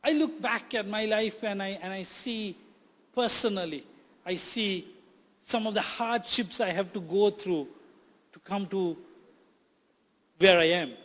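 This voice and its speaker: High-voiced preacher in an echoing hall. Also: male voice, unhurried, pauses often, fairly bright tone. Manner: emphatic, repeats phrases for effect. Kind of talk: sermon.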